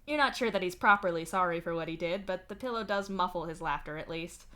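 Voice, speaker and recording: A woman streamer giving an expressive, conversational live reading of fan fiction. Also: fairly low pitch, fast talker.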